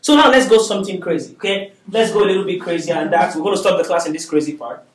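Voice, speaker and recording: A man's voice: high-pitched, fast, echoey room, recorded from a distance. A man teaching a beginners' Arabic class, patiently drilling syllables aloud and constantly checking that his students are following. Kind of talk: classroom lesson.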